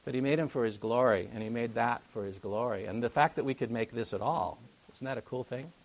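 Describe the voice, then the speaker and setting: A man's voice: mid-range voice, brisk. A man preaching a conversational sermon, full of jokey asides and rhetorical questions to the congregation.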